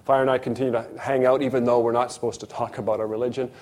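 A man's voice: medium pitch, very fast. A man preaching a sermon, telling a story and acting out the dialogue. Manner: animated storyteller, acts out dialogue.

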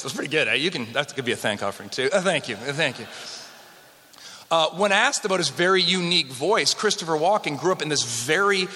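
A man's voice: a little high, lively intonation, a little fast, bright, forceful tone. A man from Western Canada giving a conversational history lecture to a live audience, joking with the room as he goes. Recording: long hall reverb.

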